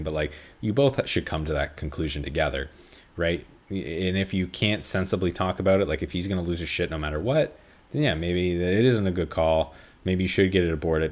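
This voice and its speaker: A young man hosting a casual solo film podcast, rambling and swearing freely with lots of fillers. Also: deep voice. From Canada. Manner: rambling, profane, frequent fillers. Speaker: podcast host, film reviewer.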